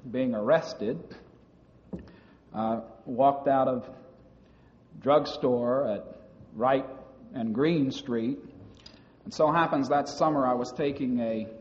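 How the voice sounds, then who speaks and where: Recorded dully and lo-fi in a hall full of reverb, a man with a medium-pitched, darkish voice looks back on his student years in a public talk. His storytelling is measured, broken now and then by hesitant restarts.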